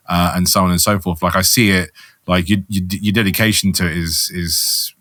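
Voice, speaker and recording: A man's voice: low voice, fairly even intonation, moderate pace, sharp tone, no echo. A man co-hosting a podcast, talking in a casual, rambling way. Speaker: podcast co-host.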